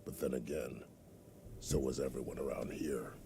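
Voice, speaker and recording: An actor voicing a gruff, weathered male scout in a video game, with an extremely deep, gravelly voice and a measured, matter-of-fact delivery. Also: fairly even intonation, background noise. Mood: steady.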